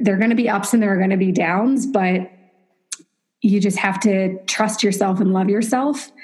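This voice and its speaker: A woman's voice: medium pitch, darkish tone. Earnest woman telling her own story. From United States. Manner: earnest, opens up readily, frequent laughter. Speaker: author and interview guest. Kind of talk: candid personal storytelling.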